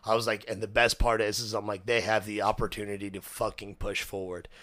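A man's voice: fairly low pitch, level tone, fairly quick, fairly bright tone, dry recording. A young man hosting a podcast, chatting casually and animatedly, swearing often and acting out quotes. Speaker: podcast host. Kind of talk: casual chat.

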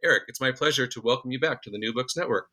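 Male podcast host, bright tone, measured questions with frequent fillers. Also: mid-range voice. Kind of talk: scripted interview questions.

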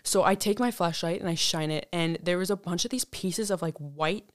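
A woman's voice: fairly low pitch, moderate pace, no echo, studio quality. A young woman telling a college story in casual chat, swearing often and full of fillers. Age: young adult.

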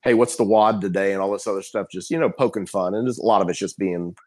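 A man's voice: low-pitched, steady tone, fast talker, a little mellow. A middle-aged man, a guest firefighter captain, talking casually on a podcast over a remote call, rambling with many restarts and fillers.

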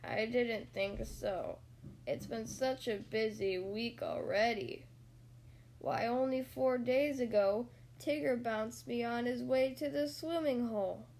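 A woman voicing a gloomy, mournful old male donkey in a storybook reading, low and slow. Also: a little mellow. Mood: mopey.

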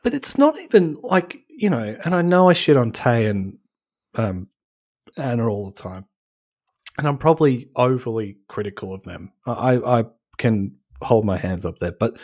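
A man's voice: medium pitch, very animated, normal speed, a little mellow. A man co-hosting a wrestling podcast, ranting heatedly in casual chat and swearing freely. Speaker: podcast co-host.

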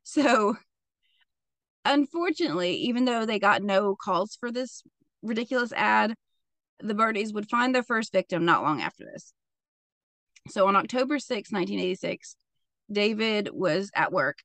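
A woman's voice: mid-range voice, expressive, normal speed, long pauses, a bit bright, no echo. A woman co-hosting a podcast, telling a true crime story in casual chat with sarcastic, laughing asides.

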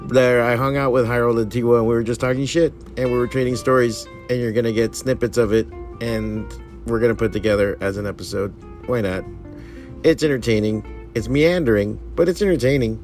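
A man's voice: medium pitch, a little fast, faint music behind. A man hosting a podcast in casual, profane chat, laughing often and telling stories with animation. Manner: laughs often, swears freely, animated storytelling. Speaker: podcast host.

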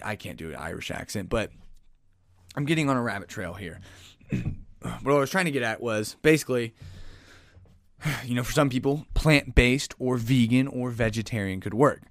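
A man's voice: medium pitch, no echo. Rambling man, dry close sound. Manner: animated, rambling, self-correcting with sighs and restarts; says he is aggressive and in your face. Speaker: podcast host. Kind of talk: casual solo commentary.

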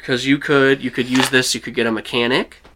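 A young man running a tabletop game as game master, relaxed with lots of fillers and restarts. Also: medium pitch, fairly quick, background noise.

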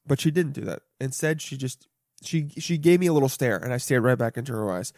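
A young man hosting a solo podcast, chatting casually and profanely, jumping between loud bursts and muttered asides. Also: mid-range voice, fairly quick, no echo, clean studio sound. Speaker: podcast host. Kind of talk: rambling solo podcast chat.

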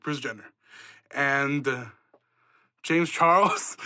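A young man hosts a podcast, spinning casual stories full of profanity and self-mockery while laughing often. His voice is fairly high, fairly quick, bright and forceful, captured in studio quality with no echo.

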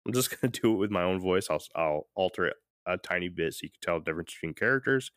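Hosting a laid-back podcast, this man rambles and laughs often, speaking fast and with animation. His low voice has a fairly bright tone, and the studio recording is clean and dry.

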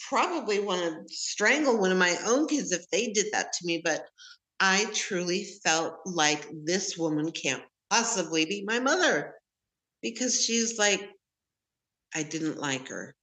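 A woman with a lowish voice recounts her story slowly and openly. She takes her time and lets the odd laugh slip in as she talks with an interviewer over a remote connection. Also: expressive, a bit bright. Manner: candid, unhurried storytelling with laughs. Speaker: podcast guest, medium.

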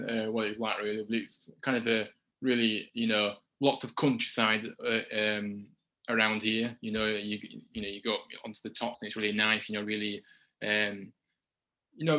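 A man's voice: mid-range voice, bright, forceful tone, poor audio. A man with a Yorkshire accent, a guest answering questions in a casual podcast interview, often stumbling and repeating his words. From Huddersfield, England. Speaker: guest, supporters group founder.

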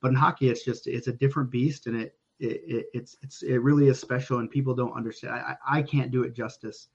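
A man's voice: mid-range voice, steady tone, fast, darkish tone, slightly rough. Podcast guest, man from Oklahoma, chatty and rambling, recorded on a dull lo-fi mic. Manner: rambling, frequent restarts, swears casually. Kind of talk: casual storytelling.

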